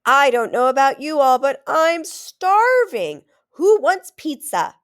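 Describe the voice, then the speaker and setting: A woman's voice: high-pitched, big pitch swings, slow pace, pitched above the performer's own voice, full character voice. A woman reading aloud, voicing a cheerful, welcoming mother.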